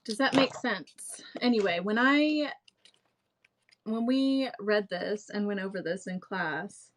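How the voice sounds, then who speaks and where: A woman's voice: medium pitch, lively intonation, slow pace, a little hiss or hum, poor audio. A young woman hosting a live stream in casual chat, rambling and full of fillers and restarts.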